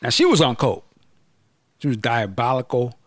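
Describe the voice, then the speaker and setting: A man's voice: mid-range voice, normal speed, dry recording, clean studio sound. A man hosting a podcast, talking casually and animatedly about a film, using slang and acting out what characters say. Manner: animated, slangy, acts out quotes. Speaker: podcast host reviewing a film. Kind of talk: casual movie review chat.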